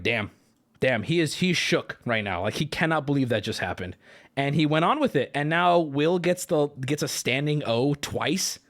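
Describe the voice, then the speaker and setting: Guy streamer going off on a clip, swears a ton, voice jumps all over, kinda high, throat swollen. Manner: profane, exasperated, animated. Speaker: livestream host reacting to a video. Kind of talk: casual ranting commentary.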